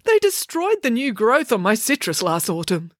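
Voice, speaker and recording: A woman's voice: on the high side, huge pitch swings, moderate pace, no echo, studio quality, voice pushed up. A woman voicing a fussy, germ-phobic middle-aged father who rants anxiously. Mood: outraged. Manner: anxious, fretful ranting.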